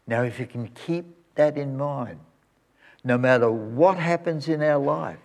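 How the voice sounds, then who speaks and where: A male pastor telling a story at the close of a sermon and leading a quiet prayer. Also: medium pitch, unhurried, gravelly. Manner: storytelling, then soft reverent prayer.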